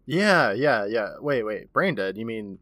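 A man's voice: lowish voice, big pitch swings, a little slow, a bit bright, no room sound. A man co-hosting a podcast, reading a friendly outro and bantering casually. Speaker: podcast co-host.

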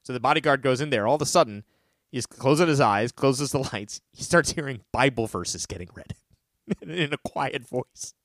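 A man hosting a trivia podcast in casual chat, telling funny stories and reading questions slowly. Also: mid-range voice, no room sound, studio quality. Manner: animated storyteller, joking, reads questions slowly. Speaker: trivia quiz host.

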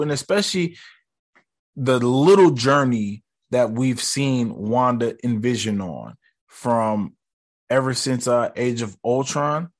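A man's voice: mid-range voice, a bit bright. A man casually ranking movie moments for his viewers, talking loose and slangy with frequent swearing. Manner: loose, slangy and profane, talks straight to viewers. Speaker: movie vlogger.

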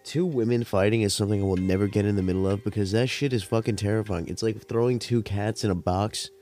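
Young man, podcast host, rambling, profane, slightly low voice, relaxed storytelling. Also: quick pace, soft background music. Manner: rambling, profane, laid-back. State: cotton mouth, high. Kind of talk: casual storytelling monologue.

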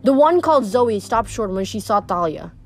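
A woman's voice: medium pitch, big pitch swings, moderate pace, soft background music. A woman reading a novel aloud, stumbling and correcting herself now and then. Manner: casual, stumbles and self-corrects. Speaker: reader.

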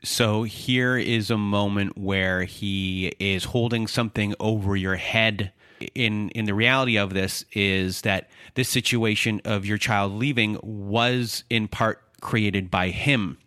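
A man hosting an interview, giving measured, analytical commentary. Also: on the low side, steady tone, sharp tone, clean tone, dry recording, clean studio sound. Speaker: host. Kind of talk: explanatory commentary.

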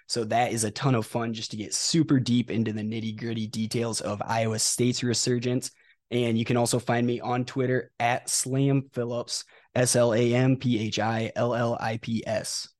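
A man's voice: mid-range voice, darkish tone. A man appearing as a guest, talking about wrestling coverage in a matter-of-fact way. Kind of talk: casual guest talk.

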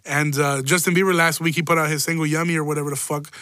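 A man's voice: fairly high pitch, level tone, fast, sharp tone, no room sound. A young man, hosting a casual solo rant, rambling and swearing, often breaking into laughter. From Chicago. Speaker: podcast host.

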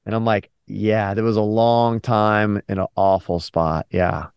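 A man's voice: on the low side, flat delivery, a little slow, gravelly, a little mellow, clear, resonant tone, dry recording. A man co-hosting a casual podcast, laid-back with a dry sense of humor. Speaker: podcast co-host. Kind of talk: casual chat.

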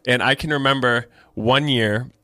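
A man's voice: medium pitch, fairly even intonation, moderate pace, bright, forceful tone, no room sound, studio quality. A man co-hosting a podcast about his clothing shop, talking in a laid-back way, swearing freely and laughing often. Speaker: podcast co-host and shop owner. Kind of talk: casual chat.

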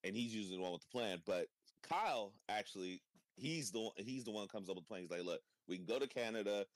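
A man's voice: fairly low pitch, lively intonation, fast talker, no echo. A young man hosting a casual chat, laughing often, swearing freely and rambling about a cartoon episode. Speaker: podcast host.

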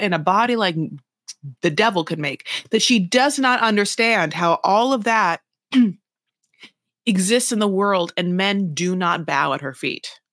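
A woman's voice: fairly low pitch, fairly bright tone, no echo, clean studio sound. Sarcastic rambling woman podcast host. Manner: rambling, sarcastic, lots of "like" and "you know". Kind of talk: casual reality-TV recap chat.

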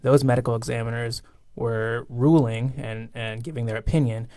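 Guy reporter walking through the data, steady, dry close sound. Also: medium pitch, moderate pace, no echo. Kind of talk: news panel discussion.

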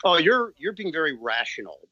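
A male sports announcer joins a podcast as a guest and trades dry, sarcastic jokes. His voice is bright and forceful. The sound is dull and lo-fi but dry. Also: a little high, sing-song, a little fast, no echo. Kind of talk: casual podcast chat.

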